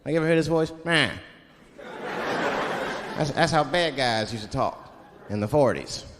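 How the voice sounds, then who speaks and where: A man's voice: mid-range voice, lively intonation, brisk, noisy background. A man performing a stand-up comedy routine on stage, telling stories and slipping into put-on voices for the people in them. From Washington, D.C. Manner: switches into put-on voices for characters. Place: comedy stage before a live audience. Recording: live stage recording in a large hall with crowd laughter. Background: audience laughter.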